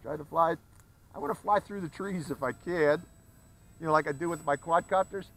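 A man's voice: fairly high pitch, normal speed, vocal fry, a bit bright, low-quality recording. A man hosting a hobby video, chatting casually to viewers about a model plane flight outdoors, calling them folks. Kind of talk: casual flight-test commentary. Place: outdoors at a flying field.

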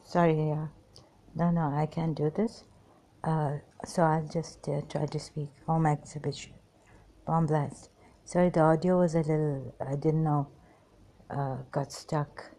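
A woman recounting memories in a halting personal monologue, pausing often, apologizing and trailing off. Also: low-pitched, steady tone, mellow. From Pakistan. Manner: hesitant, many pauses and apologies, trails off.

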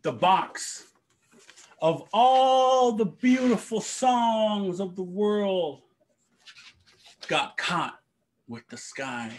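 A male storyteller with a high, lively voice that swoops widely as he tells a traditional tale. He takes his time and acts out the story with spoken sound effects. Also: extremely slow, long pauses, a little hiss or hum. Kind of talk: oral storytelling for young people.

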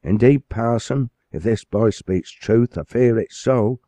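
A man's voice: medium pitch, a little slow, dark tone, dry recording, voice pushed up, natural voice. A man voicing an earnest male schoolmaster and librarian in a storybook reading, speaking urgently. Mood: sorrowful.

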